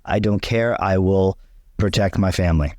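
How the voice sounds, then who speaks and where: A man's voice: sits low, normal speed, a little mellow, dry recording, clean studio sound. A young man co-hosting a casual chat, talking bluntly and emphatically, swearing freely and repeating himself for emphasis. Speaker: vlog co-host.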